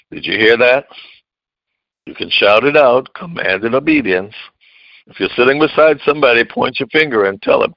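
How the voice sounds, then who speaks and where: A man preaching with a very lively, rising and falling pitch, leading his congregation in call-and-response and hammering the same phrases again and again. He jumps from loud declaring to near-murmured asides. The recording is dry and muffled, like a lo-fi tape. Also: no room sound. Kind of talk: sermon. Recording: dull lo-fi recording.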